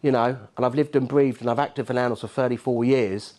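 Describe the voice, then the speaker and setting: Punchy middle-aged Cockney keynote speaker. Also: male voice, medium pitch, steady tone, brisk, a little mellow. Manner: punchy, rhetorical, keeps checking in with the crowd. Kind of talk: lively conference speech. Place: conference hall.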